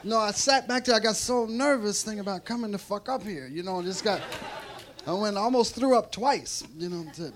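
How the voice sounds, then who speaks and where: A man's voice: high voice, animated, moderate pace. A man doing a rambling, profane stand-up set on a club stage, laughing often and restarting his sentences. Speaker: stand-up comedian. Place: club stage before a live audience. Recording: live club recording with crowd noise. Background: audience noise.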